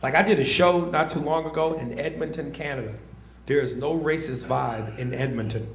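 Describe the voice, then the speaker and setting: A man performing a loud, brash stand-up comedy set on a club stage, breaking into shouted sound effects. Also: a little high, moderate pace. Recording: roomy live club sound with audience noise.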